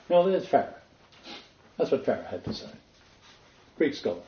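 A man's voice: medium pitch, sing-song, moderate pace, pauses often, roomy sound, highs cut off. A man giving sermon-style Bible teaching, reading quotations with expression and adding his own asides. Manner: reads poetry and quotes expressively, then comments in asides.

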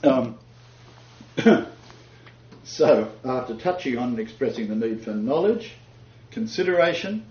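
A man's voice: mid-range voice, very animated, unhurried, long pauses, a little mellow. A man giving a chatty Bible lecture, joking and laughing at his own asides. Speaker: Bible teacher. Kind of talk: lecture-style Bible teaching. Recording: dull echoey room recording.

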